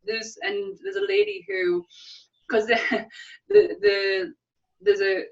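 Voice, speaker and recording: A woman's voice: very high-pitched, big pitch swings, slow pace, gravelly, recorded from a distance. A woman co-hosts a casual film podcast, gushing with enthusiasm and breaking into laughter. Her voice sits a little back from the mic. The sound is dull and slightly muffled. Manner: enthusiastic, laughs often, acts out quotes. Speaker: podcast co-host.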